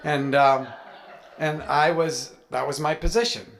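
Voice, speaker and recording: A man's voice: on the high side, steady tone, a little slow, creaky. A man, an author, telling a chatty, anecdotal story with playful humor to a live audience. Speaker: author speaking at a writers' event.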